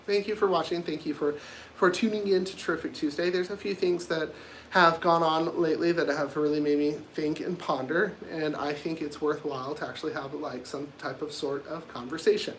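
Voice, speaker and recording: A man's voice: on the high side, steady tone, brisk, a bit bright, slight background noise. A man hosting his own livestream, talking casually in a blunt, rambling and provocative way. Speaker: livestream host.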